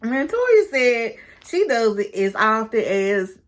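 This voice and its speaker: Animated, gossipy woman recapping TV. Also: on the high side, slow. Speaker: recap vlogger. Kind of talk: casual TV recap.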